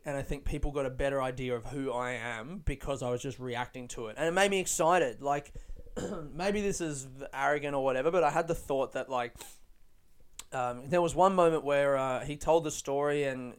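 Smooth-voiced young man, rambling casually. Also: mid-range voice. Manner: rambling, lots of "like" and restarts, casual swearing. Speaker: stand-up comedian. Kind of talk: casual reflective vlog talk.

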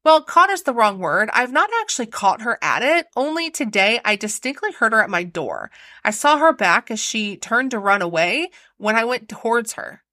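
A woman reads the part of a fretful young daughter of an old-fashioned household, her voice pitched up and lifting eagerly from word to word. She sounds plaintive and hesitant in a storybook reading, heard dry and close with no room sound. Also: sing-song, moderate pace, pushed and bright, dry recording.

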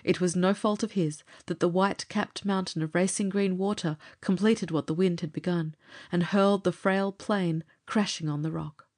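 A woman narrating a pulp adventure story for an audiobook in a measured, steady way. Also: on the low side.

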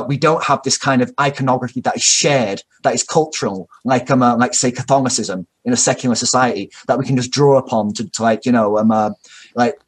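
A man's voice: mid-range voice, husky. A man talking at length in a casual, opinionated way, full of fillers and restarts and the odd swear word. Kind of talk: casual discussion.

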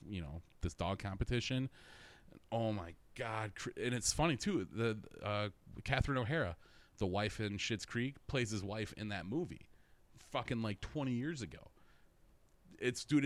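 Laughing, cursing man with a lower voice. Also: no room sound. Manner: laughs often, swears freely, animated and goofy. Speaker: podcast co-host reading listener comments. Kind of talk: casual chat.

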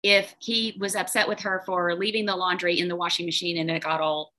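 Woman coach chatting in an interview, bright tone, acts out her inner voice. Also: lowish voice, level tone, brisk. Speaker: guest, business coach. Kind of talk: casual interview talk.

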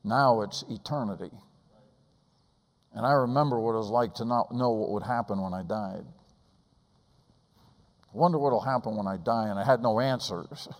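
A man's voice: fairly low pitch, normal speed, long pauses. A man preaching a sermon, urgent and pleading, with pointed rhetorical questions. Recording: long hall reverb.

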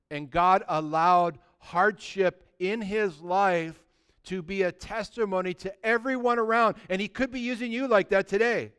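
A male pastor preaching a sermon with passion, rising to loud exhortations and dropping to hushed, drawn-out emphasis, and briefly acting out the voices of people he quotes. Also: high voice, clear, resonant tone.

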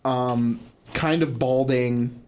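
A man's voice: mid-range voice, fairly even intonation, extremely slow, a little mellow. A young man co-hosting a podcast, telling a story in rambling casual chat full of fillers and restarts. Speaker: podcast co-host.

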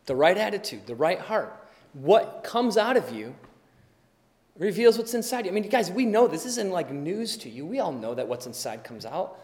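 A pastor giving a sermon in a relaxed, conversational way, acting out little everyday scenes as he goes. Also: sits high, normal speed. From Wisconsin, USA. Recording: long hall reverb.

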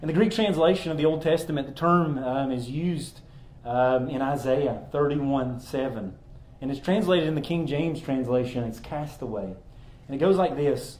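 A pastor with a medium-pitched, somewhat dark voice delivers an earnest sermon at a moderate pace, picking apart the meaning of a single word. He says "um" often, repeats words and restarts himself. The recording is reverberant with a little hiss or hum.

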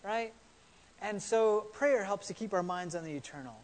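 High-voiced pastor preaching in a reverberant hall. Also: male voice, moderate pace. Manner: conversational, repeats words, asks the congregation questions. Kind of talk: sermon.

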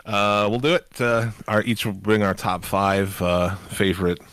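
A man's voice: lowish voice, steady tone, unhurried, fairly bright tone, no echo. A middle-aged man hosting a podcast, rambling and swearing a lot, laughing as he goes. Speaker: podcast host. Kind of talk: casual chat.

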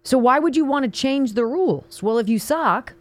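A woman's voice: high-pitched, expressive, normal speed, no echo. An American woman hosting a talk radio show, delivering an indignant, sarcastic political monologue with emphatic outbursts.

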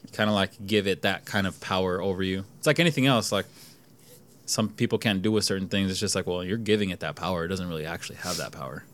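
A man's voice: sits low, fast talker, fairly bright tone. A man hosting a casual podcast chat, blunt and swearing, with lots of fillers.

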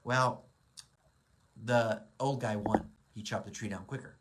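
A man's voice: fairly low pitch, steady tone, a little slow, background noise. A man in his forties, a real estate broker, giving a casual motivational talk with lots of ums and restarts. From Southern California. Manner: rambling, many ums and restarts.

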